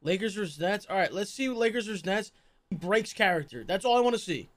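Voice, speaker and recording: High-voiced casual streamer guy. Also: expressive, fast talker, fairly bright tone. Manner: casual, slangy, talks to chat. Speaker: streamer reacting to videos. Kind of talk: casual reaction stream chat.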